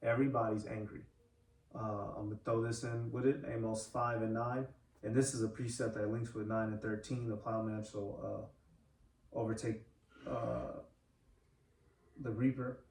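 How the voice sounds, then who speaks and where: A man's voice: on the low side, level tone, normal speed, pauses often, darkish tone. A man co-hosting a casual religious discussion, talking bluntly and emphatically, swearing freely. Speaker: co-host. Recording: echoey room, distant mic, faint noise.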